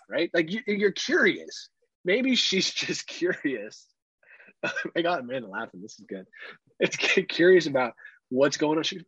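A man's voice: a little high, moderate pace, husky, no echo, lo-fi sound. A man in his thirties co-hosting a podcast in casual chat, telling stories about his daughter with lots of swearing. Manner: profane, animated storytelling. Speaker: podcast co-host.

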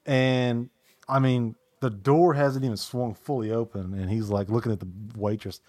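A Southern American man in a relaxed podcast chat. He tells his stories with plenty of cursing and belts out the lines he quotes. His voice sits at an ordinary middle pitch, recorded dry and close. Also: normal speed, no room sound. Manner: profane, animated storytelling with loud acted quotes. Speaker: podcast co-host. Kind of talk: casual storytelling chat.

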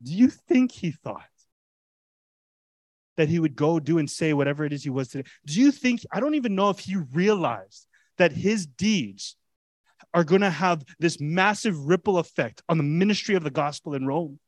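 Animated preaching man, dry close sound. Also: on the high side, normal speed, dry recording. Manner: animated, conversational preaching with rhetorical questions. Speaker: pastor. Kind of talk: sermon.

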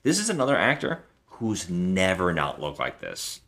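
A man's voice: low voice, huge pitch swings, normal speed, crowd noise. A man co-hosting a podcast, chatting casually and ramblingly while he reviews a movie. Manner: chatty, rambling, jokey impressions. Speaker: podcast co-host.

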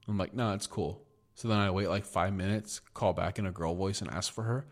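Profane low-voiced man telling stories. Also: steady tone, brisk. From United States. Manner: profane, rambling storytelling. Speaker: podcast co-host. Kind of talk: casual chat.

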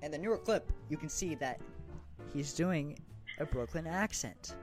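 A man's voice: fairly high pitch, expressive, unhurried, soft background music. A young man co-hosting a casual podcast, talking with lots of ums and restarts and casual swearing. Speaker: podcast co-host. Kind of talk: casual chat.

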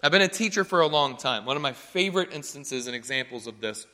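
A pastor delivering a chatty, joking sermon, often checking in with the congregation. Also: male voice, mid-range voice, lively intonation, fast, pushed and bright, in a large hall. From North Carolina.

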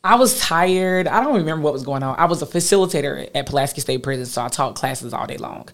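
A woman, a guest telling a personal story in an animated way, acting out what others said. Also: sits low, quick pace. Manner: animated, quotes others with lively voices.

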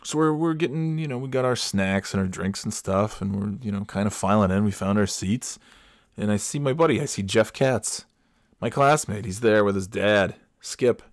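A man telling a comic story in an animated, profane, self-mocking way. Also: fairly low pitch, normal speed, dry recording, clean studio sound.

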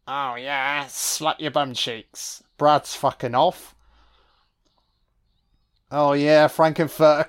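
A man giving an audio-only film commentary, reacting with profane, excitable remarks. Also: fairly high pitch, drawn-out words, long pauses, clean tone.

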